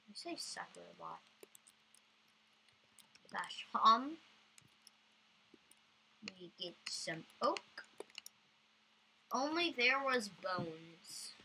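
A woman's voice: medium pitch, pushed and bright, a little hiss or hum, low-quality recording. A woman doing goofy let's-play commentary, bursting into sudden squeals. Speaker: gamer.

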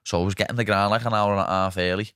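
Bright-voiced Scouse lad telling stories. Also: male voice, fairly low pitch, racing, smooth, dry recording, clean studio sound. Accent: Liverpool Scouse. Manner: swearing, lively storytelling peppered with "lad". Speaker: podcast host. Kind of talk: casual chat. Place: podcast studio.

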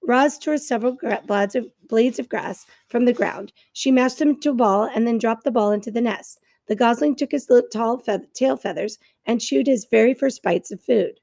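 A woman teacher reads a novel aloud to her class in clear, even storytelling narration. Her voice is fairly high with a gravelly fry. The recording is close and dry. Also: moderate pace, few pauses, no room sound.

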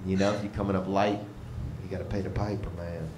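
A man's voice: sits low, level tone, fast talker, background noise. A man doing a rambling, laid-back stand-up set on a club stage. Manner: rambling, drawling, laid-back, Southern slang. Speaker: stand-up comedian. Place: comedy club stage with live audience. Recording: roomy club with crowd laughter. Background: audience laughter.

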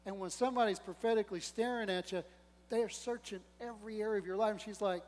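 A man's voice: high voice, fairly even intonation, quick pace, a little mellow. A male pastor preaching a sermon with rising emphasis and playful humor, acting out the voices in the story. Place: church sanctuary. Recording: long church-hall reverb.

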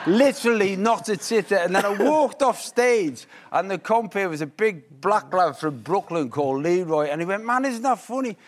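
A male comedian with a Liverpool accent sits as a chat show guest, telling funny stories in a rambling way that keeps stopping and restarting. His voice sits a little on the high side. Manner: rambling comic storytelling, self-interrupting.

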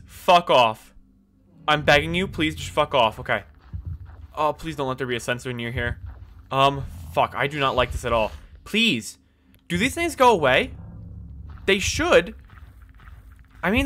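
Young guy narrating his game, kinda high bright voice, nervous and swears a lot. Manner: jumpy, swears often, nervous muttering. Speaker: gameplay commentator. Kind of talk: casual gameplay commentary.

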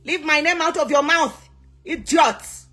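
A woman's voice: high-pitched, measured pace, sharp tone. A Zambian woman ranting on her vlog, scolding someone, switching between English and local words with mocking repeats. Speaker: social media influencer. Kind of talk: heated vlog rant.

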